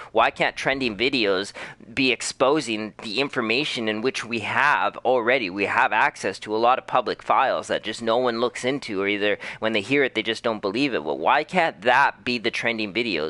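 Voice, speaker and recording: A man's voice: mid-range voice, pushed and bright, no room sound. A young man, a gaming streamer, giving a heated, profane and impassioned rant. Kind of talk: casual rant over gameplay.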